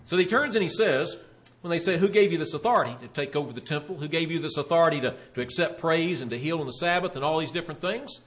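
A man preaching a sermon, retelling a Bible story with animated storytelling and voicing the questioners. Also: a little high, fast.

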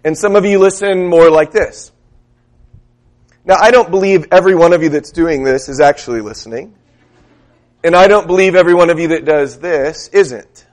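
A man preaching a sermon, telling a story in a relaxed, conversational way and putting questions to the congregation. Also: on the high side, moderate pace.

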